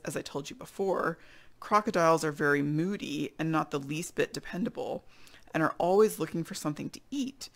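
A woman reading a chapter book aloud to children, expressive, with chatty asides to her listeners. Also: sits low, creaky. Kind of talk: read-aloud storytelling for kids.

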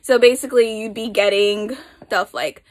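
A woman's voice: mid-range voice, fairly even intonation, normal speed. A young woman author chatting casually to her viewers, upbeat and a little out of breath while in a rush. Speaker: author and channel host. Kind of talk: casual chat to camera.

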